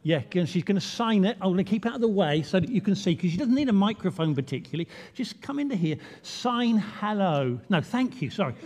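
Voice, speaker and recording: With hardly any pauses, this man speaks fairly quickly in a high, animated, slightly mellow voice, leading an all-age children's talk in a playful, chatty way that pulls the congregation in. A long reverb from the big church hall trails each phrase.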